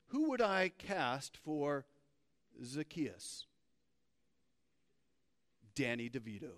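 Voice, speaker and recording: Pastor, male, high-pitched and unhurried, lively storytelling sermon, church hall with long reverb. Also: clean tone. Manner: animated, playful storytelling preacher. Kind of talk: sermon with scripture reading. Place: church sanctuary.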